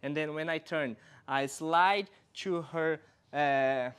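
A man's voice: on the high side, slow, fairly bright tone, smooth. Man teaching dance steps. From Brazil. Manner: explains step by step while demonstrating. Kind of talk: instructional dance lesson.

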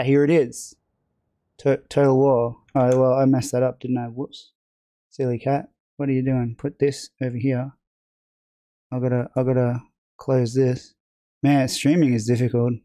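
Streaming a game live, this man rambles on casually and jokes at his own expense while talking with viewers. He has a warm, mid-range voice, recorded with no room sound.

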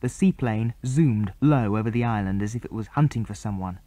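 A man reading a children's adventure story aloud, telling it in a clear, even way. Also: fairly low pitch, fairly quick, no room sound. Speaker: audiobook narrator. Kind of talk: storybook narration.

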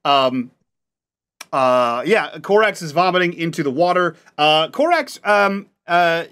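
A man narrating as game master of a tabletop game, relaxed and chatty with many fillers. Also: fairly high pitch, a little slow.

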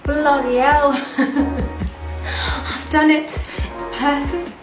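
A woman in her late thirties joking around in a deliberately bad put-on British accent, mocking herself. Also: sits high, level tone, pitched above the performer's own voice. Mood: teasing. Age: late 30s. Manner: jokey, exaggerated, self-deprecating. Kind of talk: playful self-mocking video. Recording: echoey room with music behind.

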